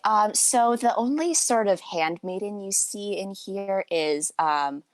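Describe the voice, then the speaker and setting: A woman narrating a tabletop game as game master in a relaxed, hedging way. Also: mid-range voice, slow, no echo.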